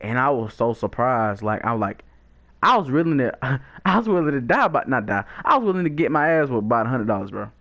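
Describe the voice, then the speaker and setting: A young man telling a lively, slangy storytime with frequent laughs, chatting while he plays a video game. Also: mid-range voice, brisk. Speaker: gaming YouTuber.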